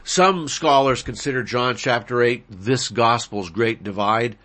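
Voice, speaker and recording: A male preacher works through a Bible passage at an unhurried pace. His voice is bright and forceful, and he lingers over Greek words before driving home the key declarations with emphasis. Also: medium pitch. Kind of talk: sermon, expository Bible teaching.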